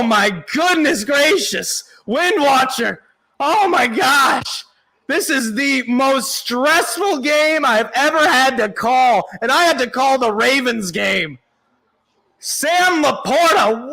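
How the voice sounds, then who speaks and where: A man giving excited live play-by-play as a fan, yelling at big plays with a voice worn from shouting. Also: very high-pitched, rough recording. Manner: yells and cheers at big plays, sings along. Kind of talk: excited live reaction commentary.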